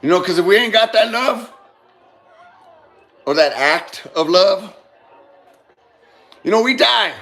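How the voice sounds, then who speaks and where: A man's voice: high voice, lively intonation, takes it slowly, pauses often, pushed and bright, some chatter behind. A man giving a casual motivational talk, rambling and repeating himself, swearing now and then and calling listeners brother. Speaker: speaker giving a monologue on love.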